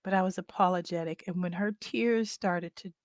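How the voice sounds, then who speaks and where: A woman's voice: lowish voice, fairly quick, no echo. Candid middle-aged woman, dry close sound. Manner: candid, conversational, addresses viewers as y'all. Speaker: family caregiver. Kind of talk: personal storytelling vlog.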